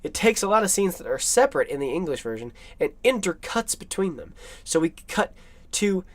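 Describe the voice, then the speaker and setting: A man with a somewhat high voice talks through an old film in an eager, rambling commentary. He keeps catching and correcting himself mid-sentence as he points things out. He sounds keen on the details. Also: very animated, a little fast. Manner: enthusiastic, rambling, frequent self-corrections. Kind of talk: film analysis commentary over clips.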